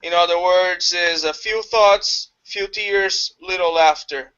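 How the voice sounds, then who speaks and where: A man who speaks natively, telling a story in casual chat with lively retelling. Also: high voice, slow, smooth. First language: Portuguese. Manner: animated storytelling, acts out voices. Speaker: study group organizer. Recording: dull lo-fi audio.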